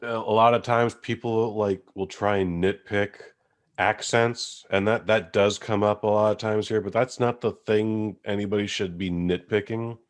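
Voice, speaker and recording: A young adult man hosting a podcast, chatting casually about movies in a rambling, animated way with casual swearing. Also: fairly low pitch, moderate pace. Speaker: podcast host. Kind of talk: casual movie-review chat.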